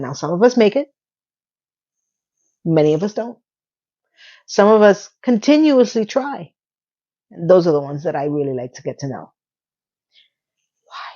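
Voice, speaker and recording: A chatty woman talks through a series episode, acting out the quoted lines as she goes. Her voice sits in a middle range. The recording is a little dull and lo-fi. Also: medium pitch. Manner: chatty and animated, retelling scenes with quoted lines. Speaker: recap vlogger. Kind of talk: casual episode recap.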